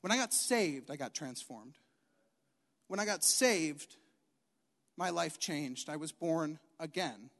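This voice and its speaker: A young man preaching a sermon, animated and emphatic, often repeating his key lines. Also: a little high, takes it slowly, long pauses. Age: young adult. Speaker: youth preacher. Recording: long reverb of a hall.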